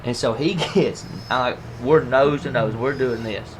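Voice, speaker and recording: A man telling a story among friends, animated, laughing often and acting out what others said. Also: mid-range voice, measured pace. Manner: animated, laughing, acts out quoted lines. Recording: noisy room ambience.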